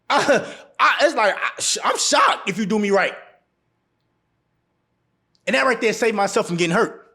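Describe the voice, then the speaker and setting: A man with a fairly high voice delivers a casual advice monologue straight to camera. He talks bluntly and with a lot of swing in his pitch. He laughs often and repeats phrases to drive each point home. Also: expressive, measured pace, long pauses, pushed and bright. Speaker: relationship advice vlogger.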